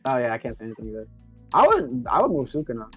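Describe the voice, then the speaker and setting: A man chatting casually on a stream, explaining his views in a relaxed way full of "like". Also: medium pitch, very fast, faint music behind. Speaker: stream co-host. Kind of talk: casual group chat on a stream.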